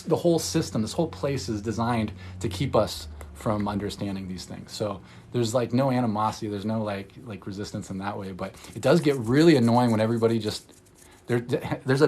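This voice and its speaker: A man, an energy healer, talking in a casual, rambling livestream chat, candid and excitable, swearing freely and laughing often. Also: lowish voice, slightly rough. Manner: loose rambling talk full of "like". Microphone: phone livestream.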